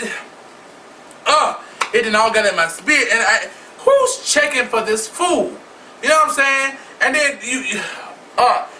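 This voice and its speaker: Celebrity gossip fuels this man's sassy, profane, flamboyant rant, delivered directly to his viewers in a very high, sharply bright voice. He's a vlog host sitting back from the mic, and the low-quality, distant recording has a faint room hum underneath.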